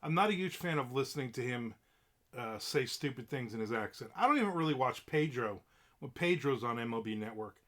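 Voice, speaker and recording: A man's voice: mid-range voice, animated, a little fast, fairly bright tone. A middle-aged man hosting a livestream, giving a casual rant in a blunt, profane and opinionated way. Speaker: livestream host.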